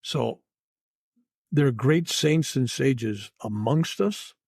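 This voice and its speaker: Older male reverend, podcast guest. Husky, dry close sound, earnest, meandering delivery. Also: mid-range voice, animated, slow, darkish tone, no room sound. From United States. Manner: earnest, rambling, repeats words and says "you know" often. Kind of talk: spiritual podcast interview.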